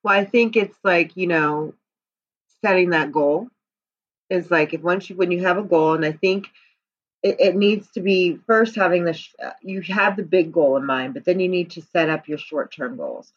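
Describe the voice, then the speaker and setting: A woman's voice: on the low side, no echo, muffled recording. A woman co-hosting a weight-loss program podcast, chatting casually and rambling a little with restarts and "you know what I mean".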